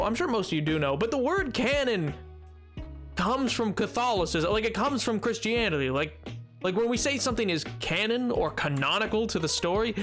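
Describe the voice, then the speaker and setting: Talking loosely to his chat while streaming a building game, this young man keeps making fun of himself. His voice sits high with a fairly bright tone.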